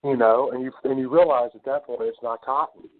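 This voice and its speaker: A man hosting a podcast, retelling a film scene in a casual, profane, animated way. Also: mid-range voice, brisk. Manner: swears a lot, animated retelling. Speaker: podcast host. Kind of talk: casual movie discussion. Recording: tinny phone-like lo-fi audio.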